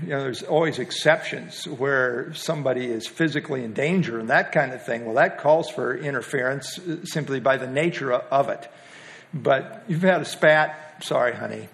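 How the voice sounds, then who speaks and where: An older man giving a casual Bible teaching on a passage, talking in a folksy, halting way with light humor and frequent pauses to restart his sentences. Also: a little high, fairly bright tone.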